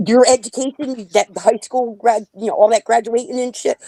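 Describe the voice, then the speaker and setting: A middle-aged woman from the northern US hosts a casual livestream, cursing freely as she tells stories and imitates other people. Her voice is fairly high and dark-toned, with fairly even intonation, normal speed, and a dry recording.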